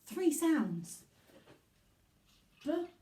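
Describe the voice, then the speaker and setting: A woman teaching young children a recorded literacy lesson in a slow, encouraging way. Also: sits high, big pitch swings, warm tone. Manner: slow, encouraging and sing-song. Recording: echoey room, voice from far off.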